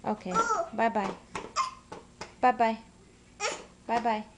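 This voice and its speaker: Slow, high-voiced mother coaxing a toddler. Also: level tone, heavy background noise. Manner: coaxing, sing-song baby talk, scolding at times. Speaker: mother filming her toddler. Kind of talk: home video, talking to a toddler. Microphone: camera's built-in mic.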